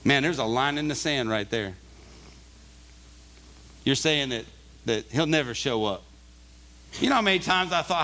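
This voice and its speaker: A man's voice: mid-range voice, lively intonation, moderate pace, pauses often, pushed and bright. Brief: male pastor, earnest conversational sermon, mid-range voice, emphatic when pressing a point.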